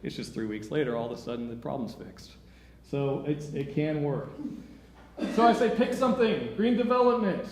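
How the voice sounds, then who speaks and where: A man's voice: on the high side, lively intonation, moderate pace. Man giving a workshop talk. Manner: informal, self-interrupting, encouraging. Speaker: workshop speaker. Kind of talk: conference talk. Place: lecture room. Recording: echoey room with faint noise.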